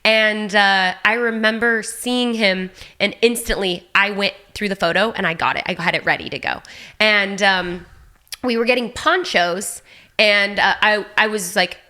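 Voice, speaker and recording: A woman in her thirties, a guest on a podcast, telling a story in a lively, casual way full of "like.". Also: medium pitch. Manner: animated, fast, peppered with "like". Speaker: podcast guest, Olympic athlete.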